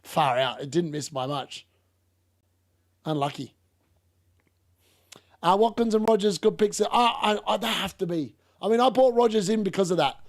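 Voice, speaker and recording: A man hosting a live football watchalong, chatting casually and reacting excitedly to the game. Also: high voice, normal speed, long pauses. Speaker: watchalong host.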